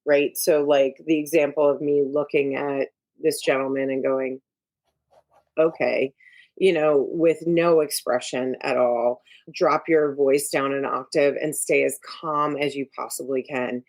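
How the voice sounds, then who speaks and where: A woman's voice: a bass voice, fairly even intonation, measured pace, darkish tone. A middle-aged woman, an executive coach, talking frankly and emphatically as a guest in a casual interview. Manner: frank and emphatic, giving advice.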